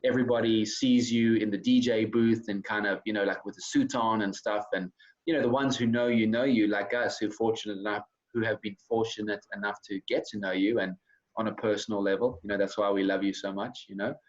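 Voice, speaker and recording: Male host, fairly low voice, rambling and friendly, dull call sound. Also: fairly even intonation, fairly quick. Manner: rambling, friendly, repeats himself. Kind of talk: casual interview chat.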